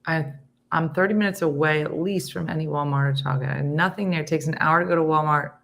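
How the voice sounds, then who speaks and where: A middle-aged woman hosts a relaxed morning chat, her voice sitting low. She talks loosely with fillers and reads viewer comments aloud between her own remarks. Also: fast talker, vocal fry, slight background noise. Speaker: host.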